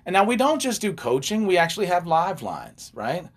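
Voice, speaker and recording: An older man with a husky voice talks about his life in a relaxed, rambling way. His pitch rises and falls a lot as he goes off on side stories and jokes. He speaks as a relationship coach on a casual chat show. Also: normal speed.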